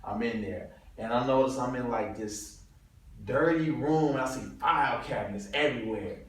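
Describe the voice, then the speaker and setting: A man from Detroit, a comedian guest, telling a story in a slangy, animated way with frequent laughs. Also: medium pitch, moderate pace. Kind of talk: casual storytelling interview. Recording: very echoey room, far from mic.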